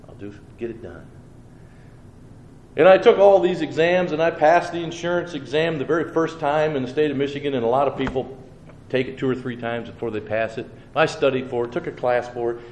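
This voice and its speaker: A man's voice: mid-range voice, normal speed, a little mellow. A man who preaches, telling his personal testimony in an earnest, homespun way and acting out his own thoughts and replies. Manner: earnest storytelling with homespun phrasing. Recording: roomy with faint background noise.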